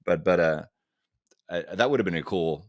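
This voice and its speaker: Very deep-voiced man chatting about films. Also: dry recording, studio quality. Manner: relaxed, halting with fillers and restarts. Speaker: co-host film reviewer. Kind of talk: casual movie review chat.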